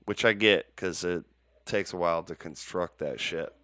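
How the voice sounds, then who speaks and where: Podcast co-host, rambling, joking man with a smooth, low voice, dry close mic. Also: moderate pace, fairly bright tone, dry recording. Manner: rambling, laughing, profane. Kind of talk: casual podcast chat.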